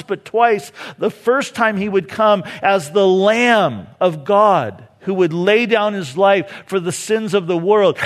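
A man's voice: high-pitched, long reverb tail. A man preaching a sermon, who keeps acting out the voices of the people he quotes. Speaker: pastor.

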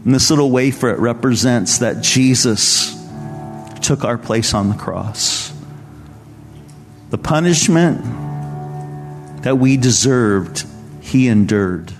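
Earnest conversational pastor preaching. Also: male voice, medium pitch, takes it slowly, pauses often, in a large hall, soft background music. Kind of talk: sermon. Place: church service.

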